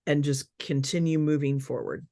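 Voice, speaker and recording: A woman's voice: low voice, normal speed, warm tone, dry recording. Empathetic woman podcast host, dry sound. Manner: empathetic, summarizing the guest's words. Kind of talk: conversational interview.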